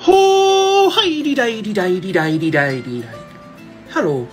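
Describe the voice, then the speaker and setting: A man putting on a deliberately exaggerated, sing-song Irish accent as a joke over background music. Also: very high-pitched, big pitch swings, fairly bright tone, pitched above the performer's own voice, exaggerated voice. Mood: goofy.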